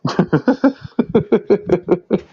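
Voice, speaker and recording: A man's voice: high voice, drawn-out words, mellow, breathy edge. Giggly man co-hosting a stream, lo-fi. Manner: giggly, self-mocking jokes. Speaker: stream co-host. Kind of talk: casual livestream chat. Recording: dull lo-fi audio.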